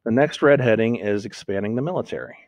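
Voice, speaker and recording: A teacher with a lowish, darkish voice talks fast and animatedly in a screen-recorded lesson on making notes, thinking aloud and correcting himself as he types. There's no room sound at all.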